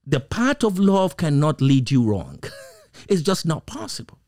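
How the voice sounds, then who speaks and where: A man's voice: on the high side, big pitch swings, measured pace, a little mellow. A man preaching a sermon, stretching out key words and firing off rhetorical questions. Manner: emphatic, repetitive rhetorical questions, occasional laughs.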